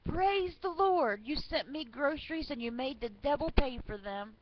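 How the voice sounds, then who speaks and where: A woman's voice: on the high side, normal speed, natural voice. A woman voicing a devout little old lady who calls out to the sky, in a slightly muffled recording. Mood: triumphant.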